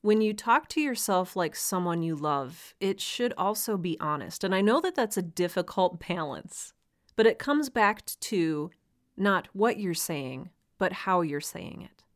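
Solo podcast host, woman, lowish voice, earnest and encouraging. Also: expressive, unhurried. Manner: earnest, encouraging, laughs lightly now and then. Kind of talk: solo podcast talk to writers.

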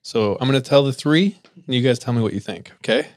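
A man's voice: medium pitch, quick pace, no echo. Guy host telling ghost stories, chill, says like a lot, dry mic. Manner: relaxed, filler-heavy, laughs easily. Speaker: podcast host. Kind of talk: casual spooky storytelling.

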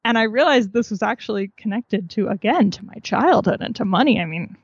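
A woman's voice: mid-range voice, animated, brisk, breathy edge, no room sound. A woman author telling her story in a podcast interview, candid and chatty, laughing at herself. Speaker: author and guest. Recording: dull, dry sound.

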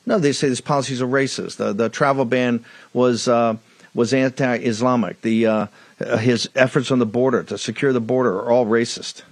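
A man's voice: mid-range voice, steady tone, moderate pace, no echo. Fiery male talk show host, dry sound. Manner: emphatic, hammering repetition. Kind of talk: fiery political monologue.

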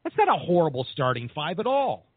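A man's voice: on the high side, big pitch swings, a little fast, husky, no echo. A man hosting a sports talk podcast, talking in an upbeat, optimistic way. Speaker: podcast host. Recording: phone-like line.

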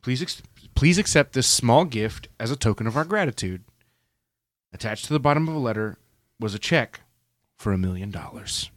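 A man reads a story aloud on a podcast, his pitch swinging up and down as he gives the quoted lines little voices. The sound is close and dry, with no room echo. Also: lively intonation, normal speed. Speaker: podcast co-host. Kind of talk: casual chat and story reading.

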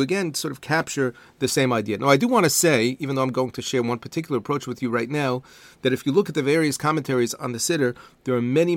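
Male teacher, mid pitch, measured and deliberate, dry close recording. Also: no room sound. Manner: calm, deliberate explanation with Hebrew terms. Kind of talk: measured spoken lesson on prayer.

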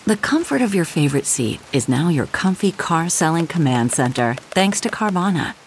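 A woman reading a scripted ad in a smooth, inviting way. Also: fairly low pitch, big pitch swings, normal speed, background noise. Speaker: ad narrator. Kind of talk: scripted ad read.

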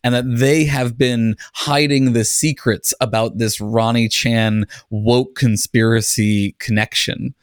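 A man co-hosting a podcast, explaining ideas in a quick, animated way. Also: mid-range voice, dry recording, clean studio sound. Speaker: podcast co-host. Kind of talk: casual analytical chat.

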